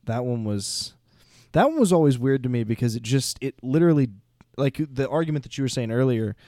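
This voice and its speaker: A man's voice: medium pitch, lively intonation, a little fast, mellow, no echo. A young man co-hosting a podcast, teasing with dry wit and laughing easily. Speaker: podcast co-host. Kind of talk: casual chat.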